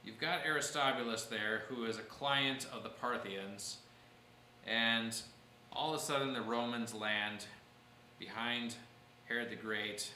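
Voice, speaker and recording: A man's voice: medium pitch, measured pace, sharp tone, reverberant, a little hiss or hum, rough recording. A man teaching a church history class, explaining events patiently and answering questions from his students.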